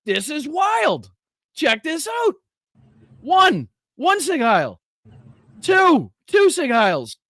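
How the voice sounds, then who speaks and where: A man's voice: very high-pitched, huge pitch swings, extremely slow, long pauses, pushed and bright, no room sound, clean studio sound. A male political commentary host reacting to clips on a live stream, swearing and laughing often in disbelief. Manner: profane, incredulous, laughs often.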